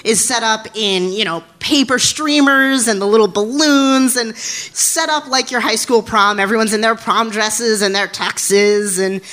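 A person in their twenties telling a funny personal story live on stage, animated and giggly, poking fun at themself. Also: medium pitch, a little slow. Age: 20s. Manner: animated, giggly, self-deprecating. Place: stage before a live audience.

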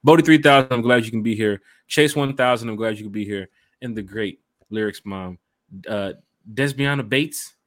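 A man's voice: fairly low pitch, moderate pace, fairly bright tone, no room sound, clean studio sound. A man hosting a casual fan podcast, hyped and slangy, talking straight to his listeners. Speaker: podcast host. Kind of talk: casual chat.

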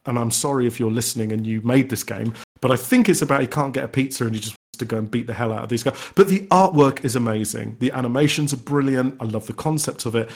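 A man's voice: medium pitch, fast talker, creaky, few pauses, darkish tone. A man, an independent game developer, answering podcast interview questions eagerly, often restarting his sentences. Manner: enthusiastic, rambling with frequent restarts. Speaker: indie game developer guest.

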